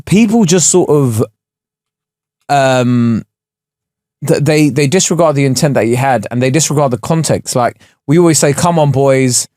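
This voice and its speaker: A man's voice: medium pitch, moderate pace, no room sound. A young man co-hosting a podcast in a small studio, chatting casually and joking around. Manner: jokey, animated, breaks into laughter. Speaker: podcast co-host. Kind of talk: casual chat.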